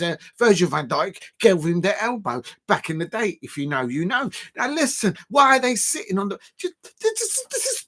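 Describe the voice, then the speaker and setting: A man hosting a live football watch-along stream. His voice swings widely in pitch, jumping from low grumbles to high, shouted outbursts of disbelief. He rants at rival fans in a loose, exasperated way.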